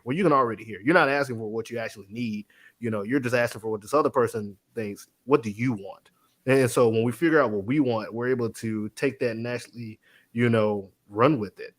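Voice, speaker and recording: A man in a relaxed conversation, his voice in a middle range as he tells a story with lively energy. He acts out what others say and laughs easily as he talks. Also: mid-range voice, quick pace. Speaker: guest. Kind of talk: casual faith-based conversation.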